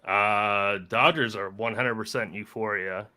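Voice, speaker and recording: A man co-hosting a casual sports betting chat, giving quick, upbeat picks. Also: fairly low pitch, fairly even intonation, pushed and bright. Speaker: co-host.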